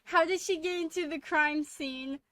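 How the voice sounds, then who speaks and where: A young woman streamer chatting casually and excitably while playing, rambling and often laughing. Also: sits high, moderate pace, dry recording. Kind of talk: casual let's-play chat.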